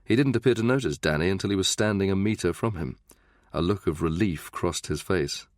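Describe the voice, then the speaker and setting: A man narrating a thriller audiobook in a steady, measured reading. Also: low voice, no room sound, studio quality. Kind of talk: scripted narration.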